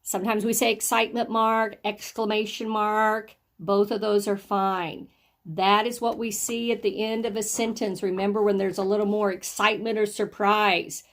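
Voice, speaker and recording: A woman teaching young children phonics and handwriting, encouraging them and sounding out each word slowly. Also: mid-range voice, flat delivery.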